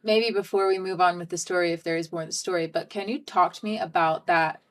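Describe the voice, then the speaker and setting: A young adult woman hosting a podcast, gently affirming and asking rambling follow-up questions. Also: on the low side, steady tone, fast talker. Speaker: podcast host. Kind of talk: casual interview chat.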